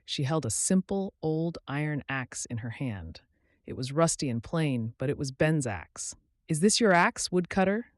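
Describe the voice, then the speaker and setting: Man with lively storybook narration. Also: medium pitch, no echo, clean studio sound. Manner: clear, measured, expressive. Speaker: channel host and storyteller. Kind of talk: scripted story narration for English learners.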